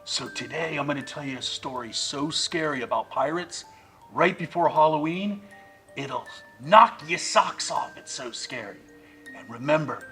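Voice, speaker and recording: A middle-aged male storyteller with a fairly high voice spins a spooky tale. He has a dramatic campfire delivery, sinking to hushed tones and then booming out. Music plays clearly under his voice. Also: lively intonation, unhurried, poor audio. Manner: dramatic, swings between hushed and loud.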